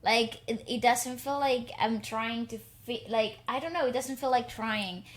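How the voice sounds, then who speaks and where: A woman co-hosting a podcast, chatting casually and reacting excitedly while music videos play. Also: a little high, a little slow. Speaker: podcast co-host. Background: faint music from videos.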